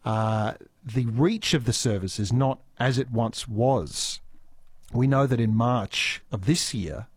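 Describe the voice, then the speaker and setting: Chatty Australian radio host, dry studio sound. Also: male voice, mid-range voice, a little mellow, husky, dry recording. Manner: chatty, with frequent fillers and restarts. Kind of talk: live talk radio hosting. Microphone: studio mic.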